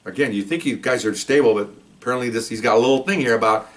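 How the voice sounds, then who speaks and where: A man's voice: medium pitch, very fast. A man in his sixties, a police veteran, telling stories in a rambling casual way. He keeps checking in with "okay?" and restarts his sentences often. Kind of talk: casual storytelling monologue.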